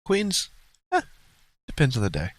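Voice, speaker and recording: A man's voice: medium pitch, wildly swooping pitch, unhurried, no echo, low-quality recording. A man streamer giving casual, blunt and profane commentary to his chat as he reacts to a livestream. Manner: blunt, profane, rambling asides.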